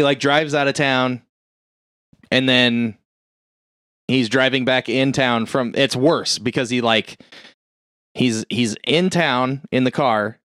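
A young man in casual chat, animatedly retelling a film plot with lots of swearing, jumping into high squeaky voices for the characters. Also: fairly bright tone, clean tone, dry recording, studio quality. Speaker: podcast co-host retelling a film.

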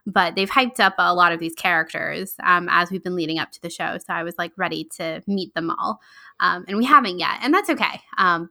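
A woman's voice: on the low side, vocal fry, bright, forceful tone. A woman co-hosting a podcast, chatting in an upbeat way with many ums and likes. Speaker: podcast co-host. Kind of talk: casual chat.

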